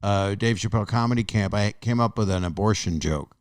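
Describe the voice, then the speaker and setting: Older guy hosting a podcast, low smooth voice, rambles and restarts a lot. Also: fairly quick, dry recording, studio quality. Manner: rambling, restarts sentences, laughs often. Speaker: podcast host. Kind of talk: casual chat.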